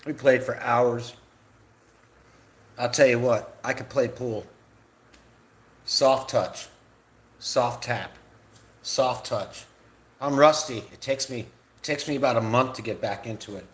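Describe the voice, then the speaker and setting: A man's voice: mid-range voice, slow, long pauses. A middle-aged man on a live stream, ranting with lots of repetition and swearing. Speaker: livestreamer ranting about realtors.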